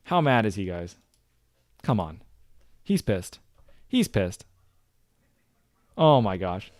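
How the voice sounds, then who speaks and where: A man casually commenting on his own game footage for viewers, chatty and excitable, often talking straight to the audience. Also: lowish voice, slow, no room sound, clean studio sound. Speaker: gaming streamer reviewing his own clips.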